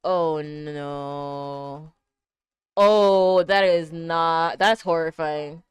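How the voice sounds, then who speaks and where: A young woman reacting to an anime episode, exclaiming and gasping, swinging between hushed murmurs and loud outbursts. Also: low voice, very slow, clear, resonant tone, no room sound. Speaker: reaction streamer.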